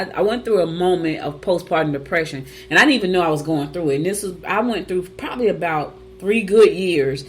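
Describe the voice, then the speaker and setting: A woman's voice: fairly low pitch, fairly bright tone, a little hiss or hum. A woman hosting a morning show, telling stories in a chatty, casual way with asides to her listeners and reading horoscopes.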